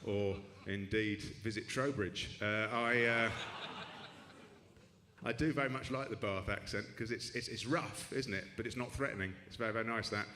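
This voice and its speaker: A man with a fairly low, bright, forceful voice does a stand-up set at normal speed on a comedy club stage before a live audience. His material is dry and rambling, full of self-deprecating asides and frequent restarts. The room is echoey and audience noise is audible.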